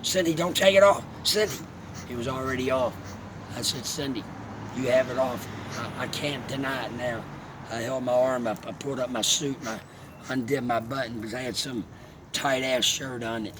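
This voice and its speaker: Guy rambling thru a heartfelt story, mid-pitched voice, lots of noise and cars going by behind him. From Alabama. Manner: rambling, heartfelt, halting restarts. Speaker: vlogger. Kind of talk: emotional personal storytelling. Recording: steady background noise, vehicle sounds.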